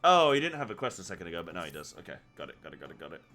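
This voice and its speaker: A man streaming a game, chatting casually and excitably with his viewers. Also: low-pitched, rapid-fire. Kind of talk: casual live game commentary.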